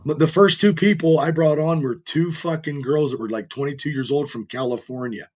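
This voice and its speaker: A man with a rough, strained voice, hosting a podcast and telling long, rambling, profane stories in casual chat. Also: fairly high pitch, brisk. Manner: rambling storyteller, heavy swearing. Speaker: podcast host.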